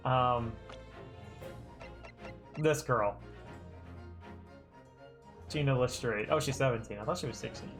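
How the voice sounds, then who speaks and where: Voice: medium pitch, takes it slowly, pauses often, over music. A streamer chatting casually while playing a game, rambling and correcting themself. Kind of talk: casual let's-play commentary.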